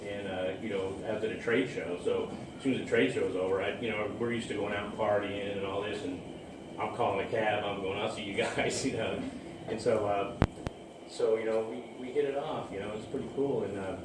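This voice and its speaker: A man's voice: on the low side, normal speed. Chuckling man telling a story, distant and roomy. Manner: rambling, laughs often at his own story. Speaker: storyteller recounting his own romance. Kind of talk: casual personal storytelling. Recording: roomy, distant mic, ambient noise.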